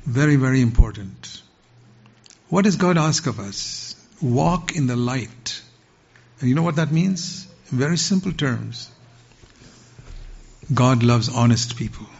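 An older man preaching a sermon to a seated congregation, firing off sharp rising questions and dropping to quiet asides. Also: medium pitch, lively intonation, unhurried, vocal fry, husky. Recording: dull lo-fi sermon recording.

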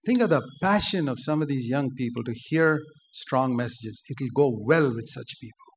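An older man preaching a sermon, forceful and emphatic, rising to loud outbursts. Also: medium pitch, lively intonation, moderate pace, a little hiss or hum.

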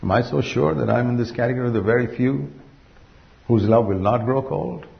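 A man preaching a sermon earnestly, asking rhetorical questions and slowing down to stress key phrases. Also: mid-range voice, vocal fry, dull audio.

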